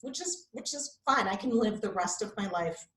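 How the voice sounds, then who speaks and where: A woman's voice: medium pitch, animated, moderate pace, a bit bright. A woman in her fifties, a yoga instructor, chatting candidly as a guest in an interview and often saying "like" and "you know.". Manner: candid, chatty, frequent likes and you-knows. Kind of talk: casual interview chat. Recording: roomy echo.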